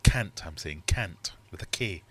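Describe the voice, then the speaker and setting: A man's voice: sits low, animated, measured pace, sharp tone, husky. A middle-aged man hosting a casual livestream quiz from his fish room, chatty and jokey as he reads out questions and scores. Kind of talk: casual live quiz chat.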